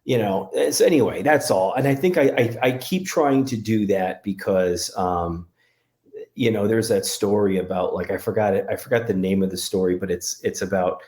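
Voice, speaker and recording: A man from Connecticut talking candidly as an interview guest, halting with many restarts. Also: fairly low pitch, a little mellow. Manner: halting, lots of restarts and fillers. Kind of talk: candid personal conversation.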